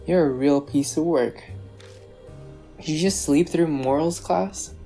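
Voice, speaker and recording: A woman's voice: sits low, a little slow, mellow, faint music behind. A woman reading as a blunt young man. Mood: scolding. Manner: dry, blunt. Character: blunt young man, skeptical journalist type.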